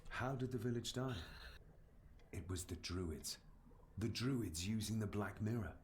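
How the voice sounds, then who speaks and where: An actor playing a polite, curious male protagonist who speaks in a measured way in an adventure game. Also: on the low side, slight background noise, lightly acted.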